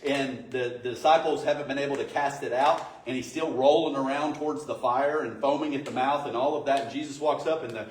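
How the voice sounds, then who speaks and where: A man's voice: mid-range voice, steady tone, brisk, few pauses. A man preaching to his congregation in a conversational way, often asking rhetorical questions. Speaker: pastor. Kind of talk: sermon. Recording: echoey room, distant mic, faint noise.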